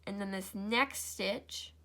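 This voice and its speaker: Pushed and bright, this medium-pitched female voice moves at a slow pace. She's a drowsy young craft host who yawns through a chatty, informal tutorial, repeatedly fixing her own mistakes and saying sorry.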